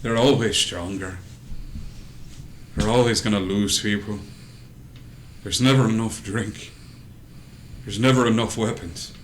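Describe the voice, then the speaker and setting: A man's voice: on the low side, steady tone, unhurried, long pauses, a little hiss or hum, lightly acted. A man voicing a sad, world-weary male fighter who drinks from a flask, in an echoey room.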